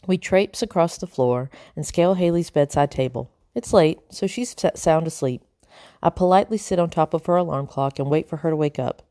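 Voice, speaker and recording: A woman narrating a children's storybook in a calm, even reading voice. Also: low voice, brisk, no echo, studio quality. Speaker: audiobook narrator.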